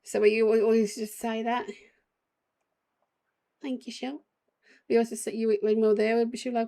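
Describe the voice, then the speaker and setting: Australian woman, game streamer, creaky gravelly voice, loose rambling chat to her viewers. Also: a little high, flat delivery, moderate pace, pauses often, mellow. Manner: rambling, chatty, talks to chat while playing. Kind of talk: casual live-stream chat.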